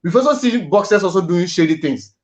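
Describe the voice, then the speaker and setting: A man's voice: sits high, animated, a little fast, darkish tone. A man hosting a boxing panel show, talking earnestly and often restarting his words.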